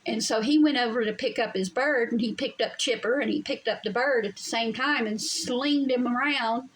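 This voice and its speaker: A woman's voice: a little high, moderate pace, slight background noise, low-quality recording. A woman telling a story to her viewers in a blunt, emphatic way from her home. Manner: blunt, emphatic, swears freely. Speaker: vlogger. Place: home during a storm.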